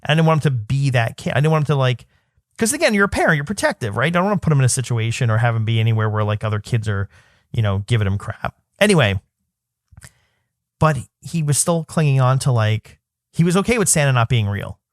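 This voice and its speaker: Co-hosting a podcast, a man in his thirties winds casually through a story, talking fast with lots of fillers and restarts. His voice sits at an ordinary middle pitch but swings widely, and the close, dry recording has no room sound.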